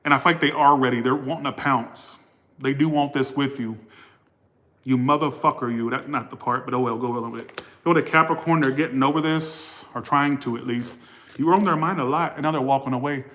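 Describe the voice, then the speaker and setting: A man's voice: mid-range voice, brisk, a bit bright, a little hiss or hum. A man giving a casual tarot reading for all the signs, blunt and profane, often losing his place and rambling. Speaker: tarot reader.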